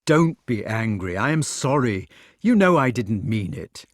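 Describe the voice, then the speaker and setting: A man's voice: mid-range voice, big pitch swings, a little slow, no echo, clean studio sound. A man reading an audiobook, voicing an earnest, brooding knight who pleads with his love. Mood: pleading.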